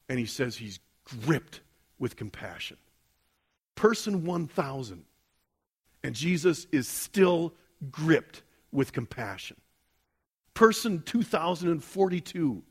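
A man's voice: mid-range voice, husky. A man preaching a sermon as pastor, talking casually, asking the congregation questions and building to intense emphasis.

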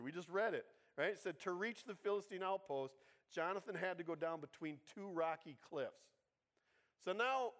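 A man's voice: sits high, a bit bright. A man giving a sermon in a casual, conversational way, with humorous asides and frequent rhetorical checks with his listeners. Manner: conversational, keeps asking the congregation "right?". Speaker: pastor.

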